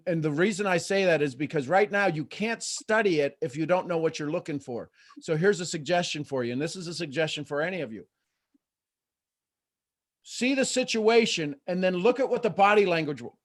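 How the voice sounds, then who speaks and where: A middle-aged man hosting a live motivational coaching call, lively and acting out quoted voices. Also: on the high side. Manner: animated, acts out quoted voices. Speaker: host and coach.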